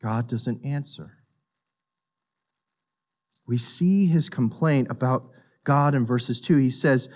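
A man preaching a sermon, earnest and emphatic, repeating words as he builds a point and sinking low and quiet on solemn lines. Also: unhurried. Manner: repeats words while thinking. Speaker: pastor.

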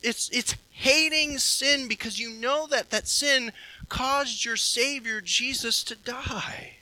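Emphatic high-voiced man preaching. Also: no echo, poor audio. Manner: preachy, emphatic, with swings between soft and loud passages. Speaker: pastor. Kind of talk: sermon. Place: church hall with a congregation.

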